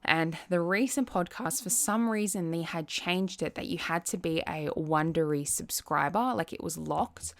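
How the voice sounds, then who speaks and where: Young woman, low voice, casual vlog chat, chatty, acts out quick asides. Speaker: vlogger.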